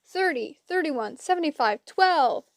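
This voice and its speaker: A woman's voice: lively intonation, measured pace, no echo, studio quality. A woman voicing three ancient blind hag sisters who squabble and screech at each other in an audiobook. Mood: shrill bickering. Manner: shrill, screeching and bickering.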